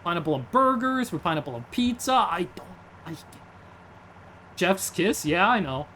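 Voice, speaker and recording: High, lively-voiced young male streamer. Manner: rambling, reads chat aloud, jokey asides. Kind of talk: casual gameplay stream chat.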